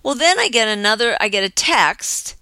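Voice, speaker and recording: An older woman hosting her own show, chatting through a personal story in an animated, storytelling way. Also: a little high, moderate pace, smooth, dry recording. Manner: chatty, animated storyteller acting out quoted voices. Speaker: show host.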